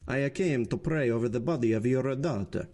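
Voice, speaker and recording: A man voicing a cold, calm, vengeful nobleman in disguise in a storybook reading, speaking in a measured, solemn way. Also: medium pitch, natural voice.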